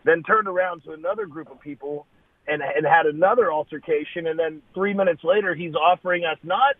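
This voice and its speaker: Blunt cursing guy, lively up-and-down voice, sounds like over a phone. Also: on the high side, fairly quick, gravelly, no room sound, phone-quality sound. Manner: blunt, swears freely. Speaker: podcast co-host. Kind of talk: casual chat.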